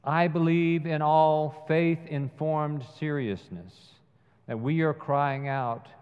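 A man preaching a sermon, retelling a film scene slowly and measuredly. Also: on the high side, clear, resonant tone. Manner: slow, measured storytelling with acted quotes. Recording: dull sound with long hall reverb.

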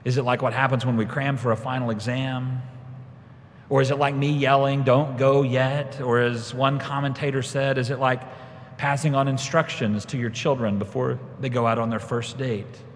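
A man's voice: mid-range voice, fairly even intonation, moderate pace, slight background noise. A man preaching a sermon, telling a personal story and tying it to scripture, his voice rising when he quotes his younger self. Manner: storytelling, rises when quoting himself. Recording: long reverb of a large hall.

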